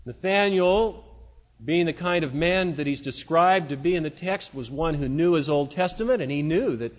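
A pastor with a high voice preaches a folksy, conversational sermon at a moderate pace, tossing asides to his listeners. The audio is dull and lo-fi, and a long echo fills the large hall.

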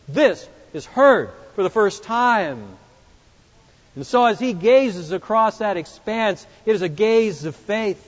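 A man preaching an expository sermon, emphatic, swinging between loud exclamations and hushed, reflective passages. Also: sits high. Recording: muffled sound with long hall reverb.

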